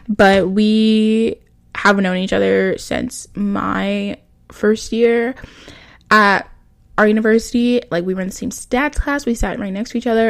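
A woman's voice: mid-range voice, dry recording, clean studio sound. A young woman hosting a podcast, telling a story in a chatty, exasperated way and laughing often. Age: young adult. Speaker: podcast host. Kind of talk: casual storytelling monologue.

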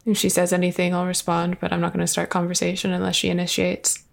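Soft, gravelly-voiced woman player. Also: fairly low pitch, monotone, fast talker. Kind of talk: tabletop role-play.

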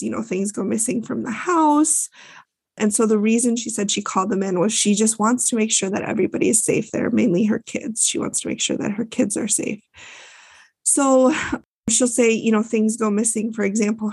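A woman co-host tells a story in a loose, chatty way, stopping and restarting often. Her voice is gravelly and a little husky. The recording is dry and close. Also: mid-range voice, darkish tone, no room sound. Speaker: podcast co-host. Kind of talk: casual recap chat.

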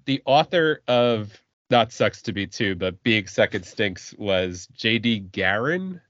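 A man's voice: fairly low pitch, expressive, slow, a bit bright, no echo. A man co-hosting a casual podcast, laughing often and repeating words as he thinks aloud. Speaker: podcast co-host. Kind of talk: casual chat. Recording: dry, dull lo-fi sound.

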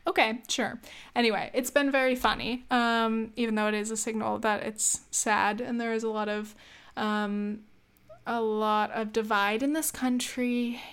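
Young woman, casual opinion monologue, wry and self-mocking, slightly high, clean smooth tone. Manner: chatty, wry, laughs at herself, trails off and restarts.

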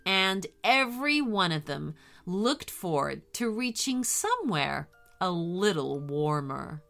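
Slow, expressive woman storyteller. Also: lowish voice, creaky, soft background music. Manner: slow, expressive, gentle reading. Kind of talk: bedtime storybook narration.

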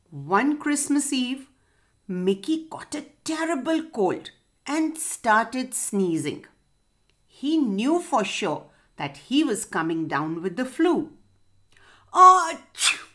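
A woman hosting a children's story podcast, narrating with a gentle, expressive read-aloud delivery. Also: on the high side.

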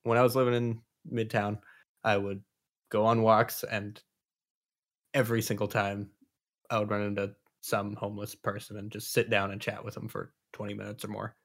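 A man with a somewhat low voice chatting casually with a friend. He reacts with amused chuckles and drifts into his own stories at a relaxed, easy pace. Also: normal speed. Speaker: podcast co-host. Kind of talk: casual chat.

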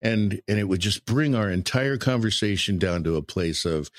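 A man's voice: fairly low pitch, lively intonation, normal speed. A man candidly telling stories from his marriage in an earnest, emphatic way. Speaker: married guest sharing relationship experience. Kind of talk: candid conversational storytelling.

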